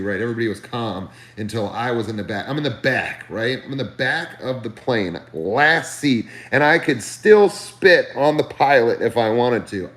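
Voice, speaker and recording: A man tells a long, comic rant on a live stream, his voice riding up and down with animated emphasis. He swears freely and talks in a mid-pitched voice. The room is roomy and echoey. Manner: animated, ranting, profane. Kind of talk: comedic storytelling.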